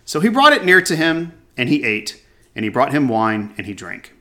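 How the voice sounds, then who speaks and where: This man's voice is mid-range, pushed and bright, with a sing-song lilt at a normal speed. He is a Bible teacher who reads scripture verses aloud, then comments on them with casual asides and restarts.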